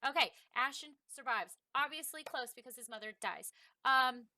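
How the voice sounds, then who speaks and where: A young woman commenting on her own game play in a chatty, emotional way, murmuring softly at times and yelling when things go wrong. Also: high voice, animated, normal speed. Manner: emotional, swings from soft muttering to loud yelling; chatty, many fillers, talks to her viewers. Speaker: game streamer.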